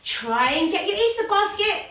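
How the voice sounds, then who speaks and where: Lively high-voiced woman leading kids yoga. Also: moderate pace, recorded from a distance, slight background noise. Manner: playful, sing-song, acts out the story with animal sounds. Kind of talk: storytelling yoga class for children. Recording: echoey room, voice a little off-mic.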